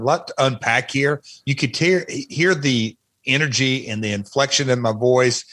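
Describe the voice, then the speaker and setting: A middle-aged man talking as a podcast guest, reminiscing in an animated way with many fillers and restarts. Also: mid-range voice. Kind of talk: casual chat, reminiscing.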